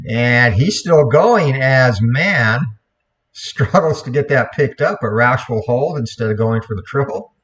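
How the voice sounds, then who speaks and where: A man's voice: mid-range voice, unhurried. Man calling replay baseball play-by-play. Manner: steady play-by-play with self-corrections. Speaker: play-by-play commentator.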